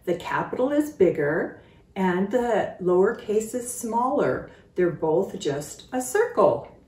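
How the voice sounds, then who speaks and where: A woman teaching a children's phonics lesson, speaking slowly and clearly, stretching out sounds in an encouraging way. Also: mid-range voice, sing-song, a little mellow, echoey room, distant mic. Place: sitting on a stool in a room.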